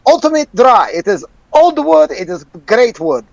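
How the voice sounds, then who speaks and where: A man puts on a hulking merchant who grabs customers and won't let go, pitching his wares in broken, repetitive speech. His voice sits high and leaps all over the place. He sounds dry and close, as if on a home voice call. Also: sing-song, measured pace, creaky, dry recording, full character voice. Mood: hard-selling. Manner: hard-selling, repeats "very good". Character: big pushy male merchant with broken speech.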